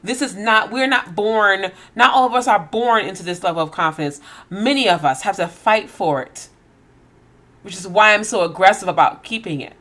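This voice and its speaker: A woman's voice: mid-range voice, moderate pace, sharp tone. A woman host giving an emphatic faith-based motivational talk, full of rhetorical questions.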